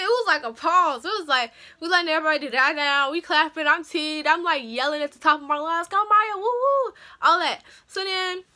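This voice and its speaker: A young woman with a high, bright voice tells a story on her vlog. Her telling is loose, slangy and animated, full of casual asides to her viewers. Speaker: vlogger.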